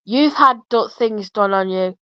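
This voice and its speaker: A woman's voice: medium pitch, a little slow, clean tone, no room sound. A woman hosting a livestream who is losing her voice, earnestly explaining at length. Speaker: livestream host. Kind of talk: livestream chat. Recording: muffled lo-fi stream audio.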